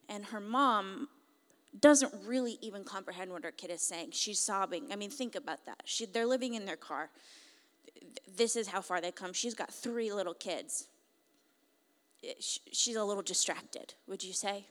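A woman's voice: mid-range voice, normal speed. Emphatic woman telling a story. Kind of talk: storytelling to an audience. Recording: long reverb.

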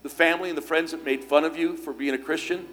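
A man's voice: fairly high pitch, steady tone, fast, fairly bright tone. A man delivering a church sermon, mixing scripture with homespun stories. He talks in a folksy, easygoing way, full of little fillers and restarts, with faint music behind him. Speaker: pastor.

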